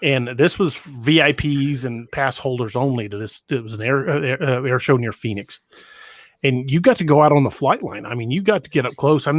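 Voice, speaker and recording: A man's voice: medium pitch, fairly bright tone, no room sound, clean studio sound. A man co-hosting a podcast, telling a long anecdote in a casual, rambling way with some swearing. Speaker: podcast co-host. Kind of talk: casual storytelling chat. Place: studio.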